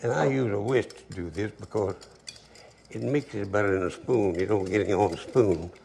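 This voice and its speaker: A man's voice: fairly low pitch, moderate pace, vocal fry, heavy background noise. An older man, cooking at the stove and chatting folksily as he tells a story. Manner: folksy, chatty, talks to himself while working. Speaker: cook. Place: home kitchen at the stove.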